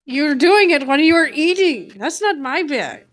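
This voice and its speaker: A woman's voice: high voice, animated, a little slow, fairly bright tone. A woman playing a tabletop role-playing game over an online call, giggly and playful. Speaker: player. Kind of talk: casual tabletop role-play.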